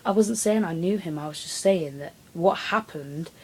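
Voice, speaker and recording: A woman's voice: on the low side, moderate pace, breathy edge, low-quality recording. A teenage girl, rambling through a personal story in a casual vlog and acting out what people said. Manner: rambling, animated retelling with acted quotes. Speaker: vlogger.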